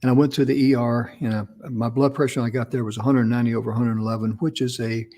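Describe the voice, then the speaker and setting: A man's voice: medium pitch, level tone, fast talker, mellow. Folksy man telling a rambling story. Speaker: co-host. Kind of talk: casual talk show chat.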